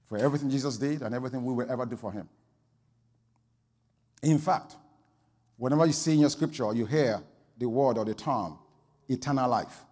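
A pastor preaching a sermon, telling a story that swings from quiet asides to loud exclamations. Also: male voice, mid-range voice, long reverb tail.

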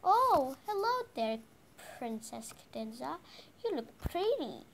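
Child doing a elegant female pony, polite, high voice, faint hiss. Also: big pitch swings, slow pace, exaggerated voice.

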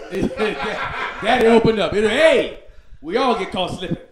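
Brief: high-pitched male co-host, AAVE, quick laughing interjections, crowd sound behind. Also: animated, reverberant, rough recording. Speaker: podcast co-host. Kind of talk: casual chat.

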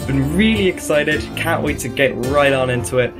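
A man's voice: a little high, expressive, moderate pace. A man hosting a casual let's-play video, chatting freely and swearing as he goes. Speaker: gaming video host. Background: game music.

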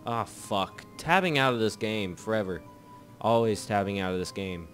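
A man's voice: on the low side, expressive, moderate pace, a bit bright, faint music behind. A man doing let's play commentary on a game, reading its text aloud and swearing freely. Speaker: gamer.

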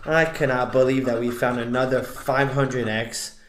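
Excitable man streaming in an echoey room. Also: mid-range voice, normal speed, slight background noise. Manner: excitable, yells at big wins. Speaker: scratch-off lottery streamer. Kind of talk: live-stream commentary.

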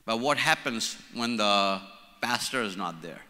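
Bright-voiced older Indian man in a hall. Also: on the low side, expressive, unhurried. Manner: playful, repeats key words for emphasis. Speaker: conference speaker. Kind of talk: church leadership conference talk. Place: large conference hall. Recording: reverberant hall.

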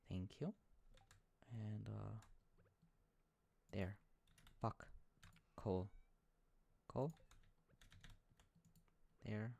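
A man's voice: lowish voice, drawn-out words, gravelly, long pauses, dark tone. A man streaming a video game, casually muttering and chanting little sing-song lines about what he is doing. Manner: sing-song, hums and chants his actions; playful, muttering to himself.

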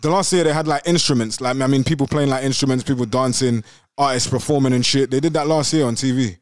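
Fast-talking slangy host. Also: male voice, mid-range voice, no room sound, clean studio sound. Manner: slangy, peppers every phrase with "bruv". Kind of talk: casual live call-in banter. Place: studio.

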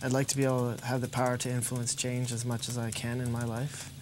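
A man's voice: mid-range voice, monotone, fast, background noise. A man interviewing for a documentary, asking casual, encouraging questions.

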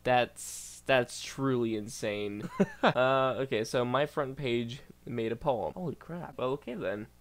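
A man's voice: mid-range voice, slow pace. A man doing casual reaction commentary as a YouTuber, reading posts aloud, stumbling over words and bursting out in disbelief.

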